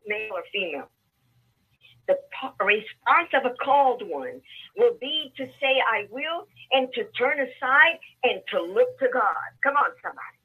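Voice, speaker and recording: A woman's voice: a little high, husky, narrow, tinny audio. A woman preacher delivering a sermon, emphatic and repetitive, calling out to the congregation for responses.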